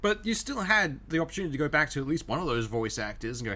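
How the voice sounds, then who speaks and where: A man's voice: fairly high pitch, sing-song, very fast, pushed and bright. A man co-hosting a casual podcast, chatty and agreeable, swearing at times. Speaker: podcast co-host.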